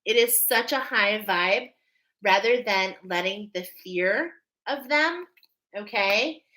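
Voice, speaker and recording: A woman with a medium-pitched, bright, forceful voice leads a live oracle card reading, taking it slowly but staying animated. She is an emphatic spiritual card reader, emotional and almost preacher-like, constantly checking in with her listeners with "okay?" The recording is rough.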